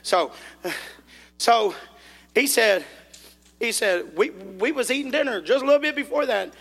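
High, bright-voiced shouting preacher man. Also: a little slow, gravelly, husky. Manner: folksy, animated, rises to shouting. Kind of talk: sermon storytelling. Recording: echoey hall reverb.

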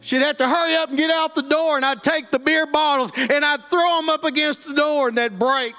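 A man's voice: very high voice, steady tone, a little fast, bright, forceful tone, soft background music. A middle-aged man from Texas with an East Texas accent, telling his life story as an earnest, plainspoken guest. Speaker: guest giving testimony. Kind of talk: emotional personal testimony.

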